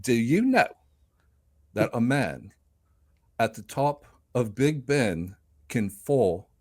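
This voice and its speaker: Man doing a slow, grave older British actor. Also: mid-range voice, animated. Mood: mock-grave. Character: impression of a famous older British male actor. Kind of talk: mock-serious impression in a podcast.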